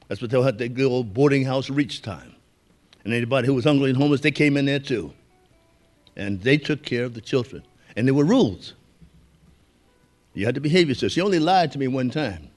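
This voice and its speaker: An older man from Brooklyn delivers a keynote as a relaxed, anecdotal storyteller. He speaks at a mid-range pitch in a folksy way and chuckles along with the crowd. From Brooklyn, New York. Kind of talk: storytelling speech.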